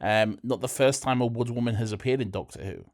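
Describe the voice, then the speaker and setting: A man co-hosting a podcast, chatting casually with crude, deadpan banter and plenty of swearing. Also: mid-range voice, fairly quick. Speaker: podcast co-host. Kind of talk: casual chat.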